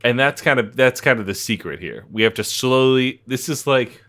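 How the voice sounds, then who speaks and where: Podcast co-host, male, crude joking banter, frequent laughter, bright, animated delivery. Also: mid-range voice, normal speed. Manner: profane, laughing, animated storytelling. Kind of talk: casual comedic chat.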